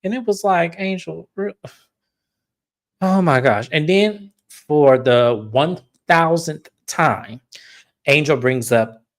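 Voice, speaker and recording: A woman's voice: sits low, slow. A woman recapping a reality show in casual commentary, blunt and opinionated, swearing freely.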